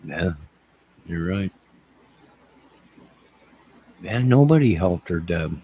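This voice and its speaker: A middle-aged channel host with a low, warm, slightly rough voice speaks a little slowly with lively intonation. His rambling livestream talk is emotional and repetitive, aimed at his chat.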